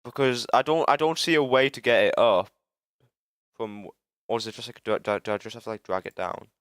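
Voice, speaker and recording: A man's voice: medium pitch, fairly bright tone, clear, resonant tone, dry recording, clean studio sound. A young British man streaming live, rambling and swearing as he fumbles through a building tool and chats with viewers. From Britain. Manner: rambling, self-interrupting, swearing, quick to frustration. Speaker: livestreamer. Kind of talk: casual live-stream chat while game building.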